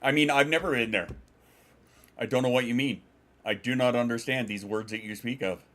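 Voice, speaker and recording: A man's voice: mid-range voice, fairly quick, a bit bright. A man streaming from home, chatting casually and rambling, swearing and reading out chat messages.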